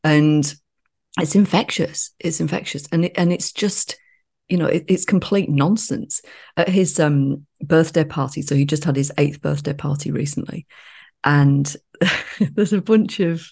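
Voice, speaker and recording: A woman's voice: sits low, measured pace, gravelly, darkish tone. A woman co-hosting a podcast, telling stories in casual chat and often laughing. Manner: chatty storytelling, laughs often. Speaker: podcast co-host.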